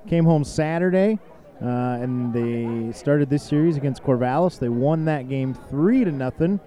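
A man co-hosting a podcast live from an outdoor ballpark deck, recapping game scores in relaxed casual chat. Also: fairly high pitch, measured pace. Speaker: podcast co-host.

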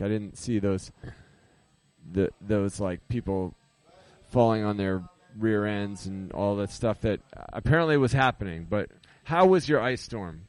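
A man's voice: fairly low pitch, a little mellow. A man hosting a live radio show, talking casually, rambling and correcting himself, laughing at his own jokes. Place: radio studio. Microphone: studio microphone.

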